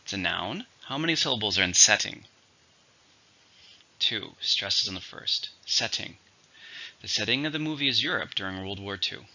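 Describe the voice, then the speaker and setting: A man teaching English vocabulary in a slow, clear scripted lesson, repeating each word for learners. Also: on the low side, animated, bright, forceful tone, lo-fi sound.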